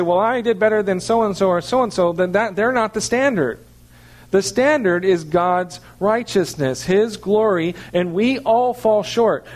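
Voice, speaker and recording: A man preaching a sermon, explaining scripture in an earnest teaching manner and checking in with his listeners. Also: high-pitched. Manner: earnest teaching with frequent "okay" check-ins. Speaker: pastor.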